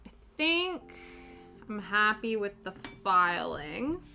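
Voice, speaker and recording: A woman's voice: mid-range voice, sing-song, takes it slowly, gravelly, pushed and bright, faint music behind. A woman in her thirties chatting casually while painting her nails, rambling with lots of fillers. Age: 30s. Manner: rambling, filler-heavy storytelling. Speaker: nail-painting vlogger.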